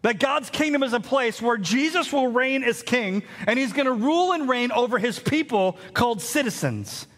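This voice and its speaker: A man's voice: extremely high pitch, animated, moderate pace, few pauses, fairly bright tone. A man, preaching a sermon as pastor in a conversational storytelling way. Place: large church hall. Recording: hall reverb.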